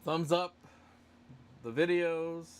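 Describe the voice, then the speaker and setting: A man's voice: fairly high pitch, slow, smooth. A man hosting a casual live stream giveaway, rambling and joking at his own expense. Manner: rambling, self-joking, loose. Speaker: livestream host running a giveaway.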